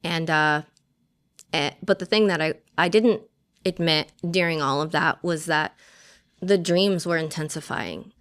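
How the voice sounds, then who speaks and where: A woman's voice: low voice, measured pace, fairly bright tone. A woman Army veteran telling her personal story as a podcast guest, speaking frankly with lots of fillers and some casual swearing.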